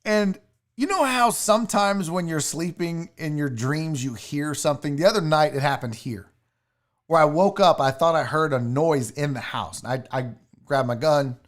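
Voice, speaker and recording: A man's voice: on the high side, animated, normal speed. A man hosting a casual show, telling a personal story and swearing now and then. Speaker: sports show host.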